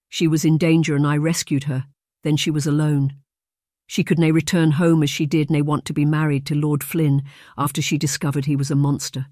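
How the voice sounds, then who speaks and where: A proud young Highland warrior with a Scottish accent, as an audiobook narrator puts him on. He is a man who speaks with hot-headed defiance in a dry, close storybook reading. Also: darkish tone, no echo, lightly acted. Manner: impassioned, defiant.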